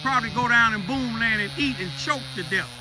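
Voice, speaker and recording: A man's voice: very high-pitched, brisk, bright, forceful tone, slight background noise. An older man, hosting an angry livestream rant, indignant and preaching, repeatedly asking if listeners see what he means. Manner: indignant, repetitive, preaching, keeps asking "you see what I'm saying". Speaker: livestream host.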